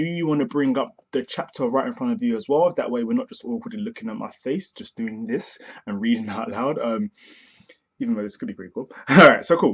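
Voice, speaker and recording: Husky young man chatting on a lo-fi mic. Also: medium pitch. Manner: chatty, swears often, laughs at himself. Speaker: manga reviewer, channel host. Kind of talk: casual reaction review. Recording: dull lo-fi recording.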